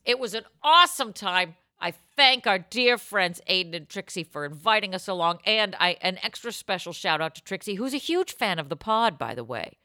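A woman co-hosting a casual podcast chat, her voice bright and sharp as it swoops lively up and down. She tells her stories in an excitable, goofy rush. The recording is dry and close. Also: medium pitch, normal speed, few pauses, dry recording. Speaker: podcast co-host.

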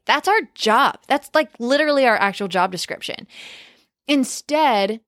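A woman's voice: on the high side, expressive, a little slow, a bit bright, no room sound, studio quality. A woman wedding planner hosting a podcast, talking casually and emphatically, with lots of "like" and quoted asides.

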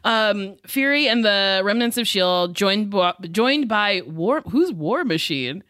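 A woman's voice: medium pitch, expressive, slow, a bit bright, dry recording, clean studio sound. A woman co-hosting a podcast, recapping a movie with sarcastic, joking asides. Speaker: podcast co-host. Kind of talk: casual chat, recapping a film.

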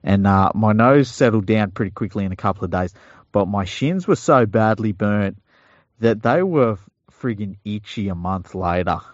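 A man with a lowish voice co-hosts a sports podcast, rambling and joking. The sound is dry and dull, like a home podcast mic. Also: moderate pace, no room sound. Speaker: podcast co-host. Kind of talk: casual sports chat.

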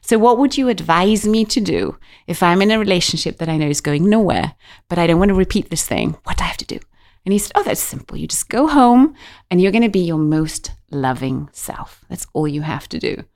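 A middle-aged woman telling a personal story in a casual interview, animated and acting out the voices of the people she quotes. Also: lowish voice, brisk. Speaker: guest.

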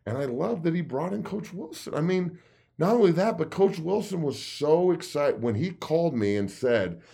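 A man in his thirties, a former football player hosting a podcast, telling profane, excitable stories and acting out the quotes. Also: on the high side, moderate pace, gravelly, husky. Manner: excitable, profane storytelling with lively put-on quotes. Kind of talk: casual podcast chat.

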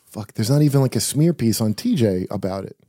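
Man, podcast host, dark mellow voice, dry studio sound, animated riffing. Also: fairly low pitch, a little fast, no room sound. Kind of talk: casual comedic chat.

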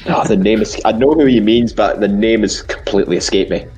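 A man's voice: lowish voice, fairly quick, a little mellow, slightly rough, soft background music. A man on a quiz panel, joking and teasing the host in casual podcast banter. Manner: jokey and teasing.

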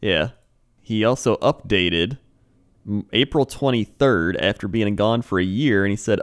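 A man's voice: on the low side, measured pace. Laid-back young man telling stories. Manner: laid-back, laughs easily, acts out others' lines. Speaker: podcast co-host. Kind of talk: casual chat, storytelling.

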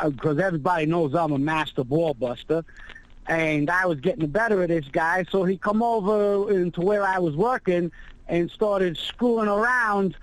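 A man's voice: high-pitched, rough recording. A man on a talk show telling a profane, boastful story about a fight at work in a brash, casual way.

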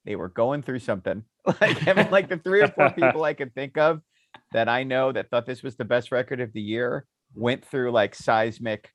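Animated storytelling man, dry sound. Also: mid-range voice, moderate pace, few pauses, no echo. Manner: animated storyteller, laughs often. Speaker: podcast co-host. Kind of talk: casual chat.

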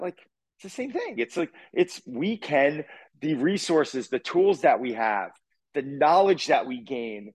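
A man's voice: mid-range voice, no echo, rough recording. A man in his forties, a fitness coach talking as a podcast guest over a video call, emphatic and blunt with casual swearing. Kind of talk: casual interview talk.

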